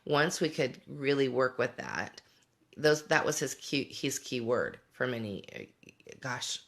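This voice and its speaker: Woman, middle-aged, casual livestream host, vocal fry, reflective, answering comments. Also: extremely low pitch, animated, unhurried, fairly bright tone. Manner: reflective, answers viewer comments as she goes. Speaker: homeschooling parent and show host.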